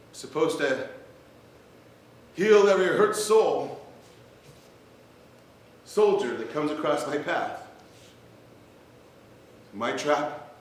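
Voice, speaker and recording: A man tells a dramatic story on stage in a slow, measured way, his voice fairly high for a man. He sounds distant in a large, echoing hall with faint ambient noise behind him. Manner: measured, emotional storytelling that rises to shouts. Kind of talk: dramatic spoken-word performance.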